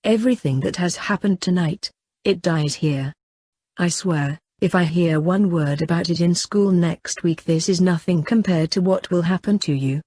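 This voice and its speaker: A woman's voice: fairly low pitch, normal speed, mellow, no room sound, close to an everyday voice. Woman voicing a menacing teenage boy. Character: tough teenage boy, cold and threatening. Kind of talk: audiobook character voice.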